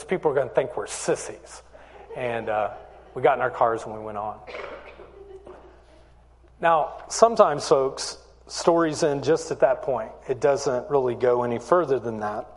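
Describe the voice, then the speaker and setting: A man's voice: mid-range voice, measured pace, long pauses. A man preaching a sermon, telling a personal story and then urging his listeners earnestly. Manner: storytelling, earnest, rising to urgent appeals. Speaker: pastor. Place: church hall. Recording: long hall reverb.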